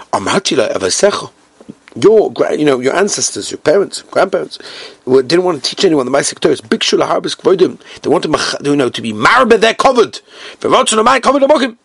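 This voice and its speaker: English male Talmud teacher, animated chanting delivery, dry close sound, slightly high voice. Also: gravelly, husky, no room sound. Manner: acts out quoted speakers in sing-song chant; mixes Hebrew and Yiddish terms into English. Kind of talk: Talmud class, reading and translating.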